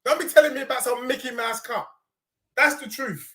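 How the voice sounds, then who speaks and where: A man argues football on a video call. His voice is bright and ringing, and he talks insistently, repeating himself to get a word in. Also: extremely high pitch, a little fast. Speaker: football podcast guest. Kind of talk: heated football debate.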